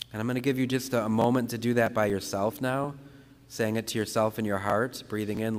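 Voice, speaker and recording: Male priest leading guided prayer, slow and calm, long reverb on the recording. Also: lowish voice. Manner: slow, calm, repeats phrases with pauses for breathing. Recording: long reverberant room sound.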